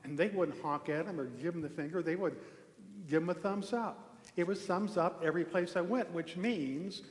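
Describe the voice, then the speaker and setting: Man with a high voice speaking in an echoing hall. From Norway. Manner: relaxed storytelling, with pauses and restarts. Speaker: minister giving a talk. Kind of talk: conversational sermon with a personal story. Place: large echoey temple hall. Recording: echoey hall with long reverb.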